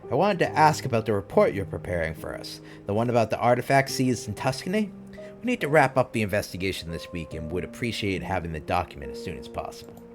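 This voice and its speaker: A man's voice: lowish voice, very animated, fast, over music. A man reading aloud as a formal, businesslike male police inspector.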